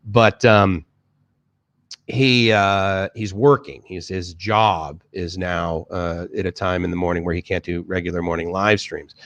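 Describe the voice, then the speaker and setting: A man's voice: low-pitched, normal speed, fairly bright tone, no echo. A man from the Boston area with a Boston accent, chatting casually on a live stream, reading viewer comments and rambling with many restarts and fillers. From Boston area, USA. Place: home, in Bangkok.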